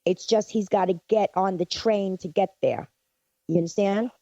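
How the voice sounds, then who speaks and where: A woman's voice: mid-range voice, moderate pace, warm tone, dry recording. Earnest woman co-hosting on lo-fi line. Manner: earnest, affirming. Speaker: psychic medium co-host. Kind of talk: casual radio chat. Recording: dull dry lo-fi sound.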